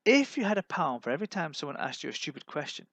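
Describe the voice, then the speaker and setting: A man from England, performing a live-streamed stand-up set of deadpan one-liners. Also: fairly high pitch, fast, no echo. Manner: deadpan one-liners with put-on voices for others. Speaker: stand-up comedian.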